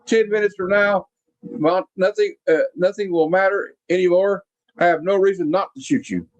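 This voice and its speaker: A man's voice: high-pitched, moderate pace, no echo, voice pushed up, lightly acted. A man reading as an unhinged militia commander. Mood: menacing. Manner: reads the comic's lines aloud, slightly raised and emphatic. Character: fanatical male militia commander, grandiose and unhinged. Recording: dull lo-fi, dry.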